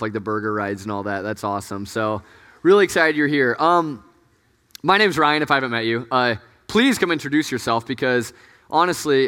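Guy pastor talking to college kids, kinda high voice, super chatty and jokey, lots of "like", big echoey hall. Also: pushed and bright. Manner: chatty and self-mocking, laughs often, lots of fillers. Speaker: campus ministry pastor. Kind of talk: casual, joking sermon to students. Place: large hall with an audience. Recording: long hall reverb.

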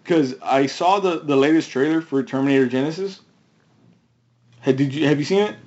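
A man's voice: on the high side, moderate pace, a little mellow, dull audio. A man co-hosting a casual chat, rambling in loose runs and laughing often. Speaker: podcast co-host.

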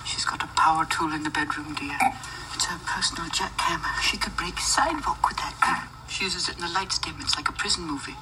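A man's voice: fairly high pitch, fairly quick, loud music behind the voice, natural voice, rough recording. Mrs. Doubtfire, a bawdy old nanny played by a man. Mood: cheeky. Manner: cheeky, gossipy, innuendo-laden. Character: brash, bawdy elderly nanny woman. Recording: film soundtrack with loud background noise.

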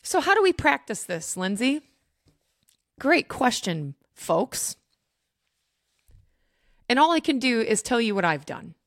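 A woman's voice: fairly high pitch, big pitch swings, slow, pauses often, a bit bright, dry recording. Woman podcast host, faith teaching, earnest and direct, dry booth-like sound. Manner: earnest, emphatic, addresses listeners directly.

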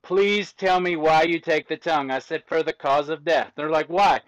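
Lively storytelling man, dry and dull sound. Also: fairly high pitch, moderate pace, no room sound. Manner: lively storyteller acting out exchanges with commenters. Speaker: autopsy technician guest. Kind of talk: casual conversational explaining.

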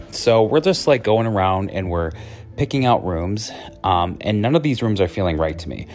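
A man's voice: deep voice, expressive, fairly quick, faint music behind. A man who works as a psychic medium, telling a story in a chatty, rambling way full of fillers. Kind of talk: casual storytelling.

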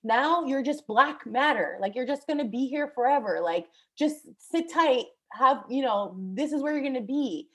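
A woman voicing a dark cosmic entity that tells someone to surrender, speaking softly and insistently. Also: high-pitched, expressive. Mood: dismissive. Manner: slow, soft, insistent. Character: dark shadowy cosmic entity, calm and commanding.

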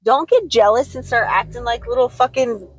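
Husky, fairly high-voiced woman, blunt and profane. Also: moderate pace. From United States. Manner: blunt and emphatic, swears freely. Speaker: podcast co-host. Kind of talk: casual chat.

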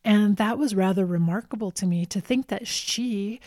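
Calm, mellow-voiced woman telling a story. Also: mid-range voice, no room sound, clean studio sound. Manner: calm, measured with emphatic repetition. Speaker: caregiver visiting a nursing home. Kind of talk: personal storytelling talk.

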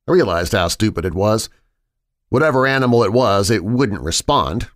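Low-voiced man narrating a horror tale. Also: expressive, fairly bright tone, no echo, clean studio sound. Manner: measured, suspenseful storytelling. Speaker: horror podcast host and narrator. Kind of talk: scripted horror story narration.

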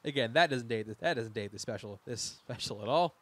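A man's voice: mid-range voice, expressive, fairly quick, a bit bright. A man in casual podcast chat, recapping a TV miniseries scene by scene, rambling and laughing with frequent restarts. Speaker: podcast co-host.

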